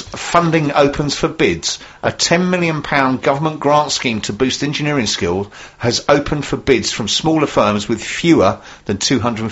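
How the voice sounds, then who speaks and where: A man hosting a business radio show, reading news items in a brisk, jokey way. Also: mid-range voice, fairly bright tone, breathy edge, muffled recording. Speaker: radio host.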